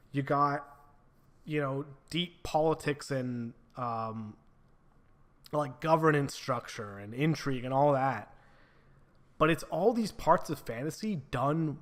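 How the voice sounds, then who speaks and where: A man's voice: medium pitch, takes it slowly. Male book reviewer, mid-range voice, casual and profane, heavy on filler words. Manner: casual, swears freely, many filler "like"s.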